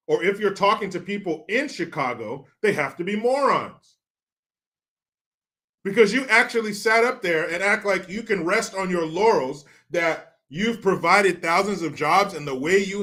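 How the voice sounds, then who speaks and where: A man's voice: high-pitched, lively intonation, moderate pace, a bit bright. A man hosting his own show, ranting through sarcastic, profane political commentary full of mockery. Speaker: show host.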